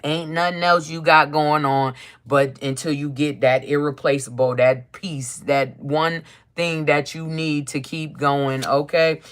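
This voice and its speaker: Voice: medium pitch, little pitch movement, measured pace, fairly bright tone. A tarot reader streaming live who talks bluntly and profanely, ending nearly every phrase with "okay?" and reading card meanings out as lists of keywords.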